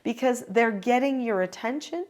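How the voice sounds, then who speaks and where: A woman's voice: a little high, lively intonation, moderate pace, a little mellow. An older woman who is a parenting educator, giving firm, instructive advice straight to the camera. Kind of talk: direct-to-camera advice talk.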